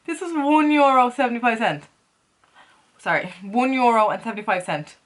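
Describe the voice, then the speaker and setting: A woman's voice: on the high side, moderate pace. A woman chatting casually as she walks through a makeup tutorial, playful and talking to herself as she works. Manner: chatty, playful, talks to herself while working. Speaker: makeup vlogger.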